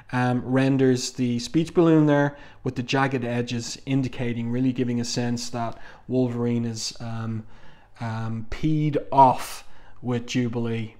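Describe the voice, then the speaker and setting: A man giving a measured, panel-by-panel review of a comic book, pausing often with "um". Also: medium pitch, a little mellow. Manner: measured, thoughtful, frequent "um" fillers.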